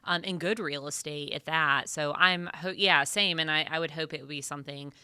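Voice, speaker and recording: Woman, podcast co-host, casual joking chat, lower pitch, bright clear voice. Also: steady tone, normal speed, no echo. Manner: joking, laughs often.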